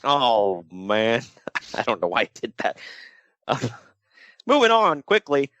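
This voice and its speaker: A man's voice: mid-range voice, takes it slowly, dry recording. A man co-hosting a casual wrestling podcast, joking around and slipping into mock voices. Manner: jokey, animated, slips into mock voices. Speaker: podcast co-host.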